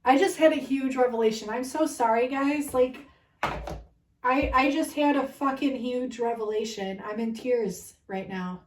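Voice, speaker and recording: A woman's voice: high-pitched, unhurried, reverberant, far from the mic, slight background noise, poor audio. A woman giving a casual spiritual card reading to her viewers, emotional and overwhelmed, swearing and laughing between cards. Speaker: tarot card reader.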